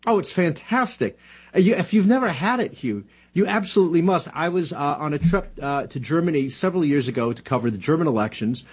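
A man's voice: fairly high pitch, lively intonation, breathy edge. A man from New Jersey, a political commentator talking casually in a radio interview, with lots of fillers and restarts. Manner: halting, many fillers and restarts.

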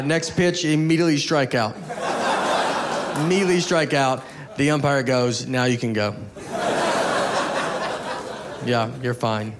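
A man performing a stand-up comedy set, telling self-mocking stories in a laid-back way. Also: on the high side. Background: audience laughter.

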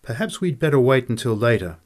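A man voicing a calm, polite male camp cook in a storybook reading. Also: medium pitch, lightly acted. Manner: courteous, measured.

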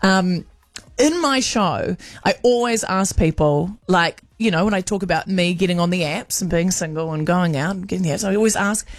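A woman with a New Zealand accent, a radio host and touring comedian, telling animated stories in casual on-air chat. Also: fairly low pitch, moderate pace, no room sound. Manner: animated storytelling with chatty asides.

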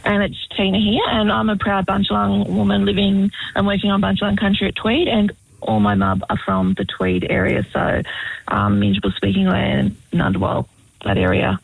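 A woman's voice: mid-range voice, moderate pace, gravelly, breathy edge, no echo, poor audio. A woman guest on a radio interview, earnestly explaining a program she leads, with some fillers.

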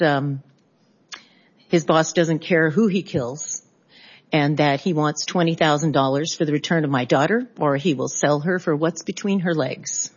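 A middle-aged woman from California giving spoken testimony at a hearing, halting, with restarts and pauses. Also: deep voice, husky, dull audio. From California, USA. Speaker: hearing witness.

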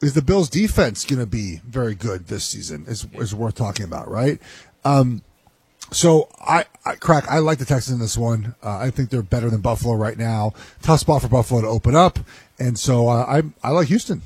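A man's voice: mid-range voice, expressive, normal speed, darkish tone, breathy edge, dry recording. A man who is a former pro football player, giving rambling sports analysis and often tagging on "right?". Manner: rambling, keeps asking "right?".

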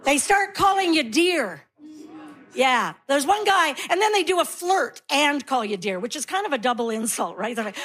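High-pitched woman in her 60s, sassy stand-up comic, talks straight to the crowd. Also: very animated, moderate pace, a bit bright. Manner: sassy, conversational, talks directly to the audience. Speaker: stand-up comedian. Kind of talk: stand-up comedy routine.

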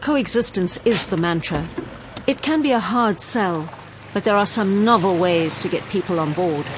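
A woman reading a scripted news report in an even, measured way. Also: lowish voice, background noise.

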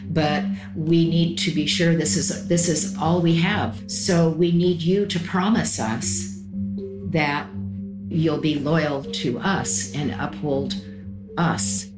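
Low-voiced older woman in a roomy recording. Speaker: interviewee, mother. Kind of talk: casual recounting.

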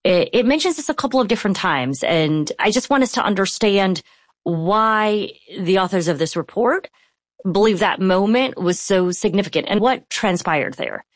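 A woman's voice: mid-range voice, animated, moderate pace, dry recording. A woman hosting an interview, framing careful questions to her guest. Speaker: interview host.

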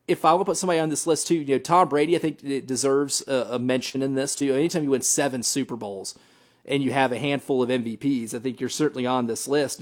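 A man in a casual sports talk, laying out his reasoning earnestly with small laughs and restarts. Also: medium pitch.

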